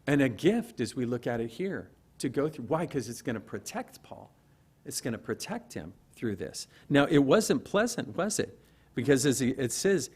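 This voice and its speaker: A man's voice: mid-range voice, big pitch swings, moderate pace, a little mellow, breathy edge. Conversational male pastor preaching. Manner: conversational, asks rhetorical questions, laughs lightly. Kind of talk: verse-by-verse sermon. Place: church service.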